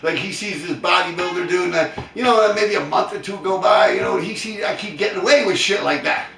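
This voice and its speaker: Man, storytelling vlog, laughing, street slang, bright, roomy echo. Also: sits high, fairly quick, vocal fry, far from the mic, soft background music. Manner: laughing hard, animated, profane street slang. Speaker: storyteller vlogger. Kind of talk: casual storytelling.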